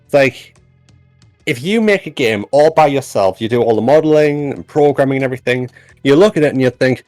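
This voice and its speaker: A man's voice: mid-range voice, a little fast, a little mellow, dry recording, faint music behind. A man who works as a voice actor, chatting casually and rambling with restarts on a development stream. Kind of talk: casual chat on a dev stream.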